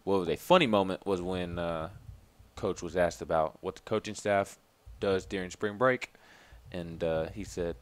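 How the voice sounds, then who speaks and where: A man's voice: sits low, moderate pace. A man co-hosting a casual sports talk show, reading out coach quotes and chatting about football. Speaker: sports radio co-host.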